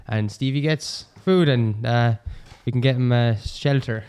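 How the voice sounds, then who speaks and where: A man's voice: medium pitch, measured pace, a little mellow. A young man hosting a casual podcast chat, asking eager questions. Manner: laughs easily, asks eager questions. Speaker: podcast host.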